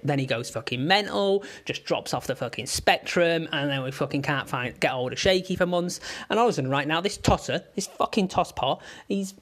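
A man's voice: a little high, normal speed, a bit bright. A man, ranting at home in a sweary, exasperated comic vlog. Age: 30s. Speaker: vlogger. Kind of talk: comic rant.

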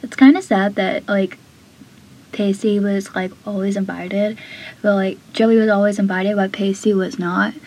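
A woman's voice: mid-range voice, fairly even intonation, measured pace, darkish tone, poor audio. A woman hosting a casual episode recap, chatty and full of fillers, slipping into whispery asides and laughing between lines. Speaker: show recap host.

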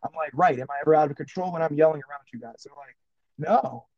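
Man, teacher, podcast chat, fast talker, animated storyteller, dry recording. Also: fairly high pitch, dry recording, highs cut off. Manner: animated storyteller, acts out classroom exchanges.

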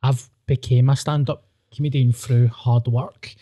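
Scottish comedian guy, warm low tone, blunt and self-deprecating, podcast chat. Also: steady tone, a little slow, no echo, studio quality. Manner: blunt, self-mocking storyteller. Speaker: stand-up comedian.

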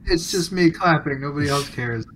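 A man's voice: fairly high pitch, brisk, a bit bright, slight background noise, low-quality recording. A man, a podcast co-host, telling stories with dry self-deprecating humor in casual chat.

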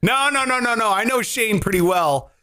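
This morning show host's voice is extremely high-pitched at a normal speed. He energetically tells stories on his casual comedy talk show and swears a lot.

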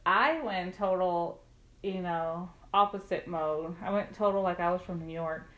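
A woman's voice: lowish voice, measured pace, fairly bright tone, lo-fi sound. Chatty woman in a roomy space. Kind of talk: casual travel chat.

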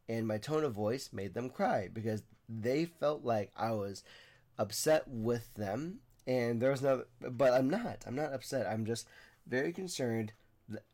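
Speaking at medium pitch with a somewhat mellow tone, a young man hosts a podcast in a relaxed solo ramble. He is earnest but keeps breaking off and starting his sentences over.

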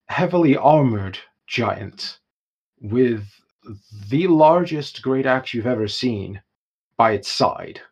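A young man narrating a tabletop game as game master, in an animated style with chuckles. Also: mid-range voice, vocal fry, husky.

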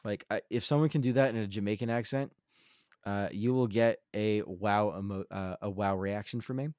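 A low-pitched young man from California's Central Coast, co-hosting a podcast with a laid-back, self-deprecating sense of humor. His voice is close and dry, with no room sound around it. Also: fairly even intonation, normal speed, darkish tone, clean tone, no room sound. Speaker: podcast co-host. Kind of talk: casual chat.

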